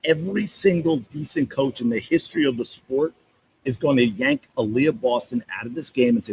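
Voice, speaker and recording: A man hosting a sports podcast, breaking down game film with animated, exasperated commentary and repeating points for emphasis. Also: mid-range voice, normal speed, breathy edge, rough recording.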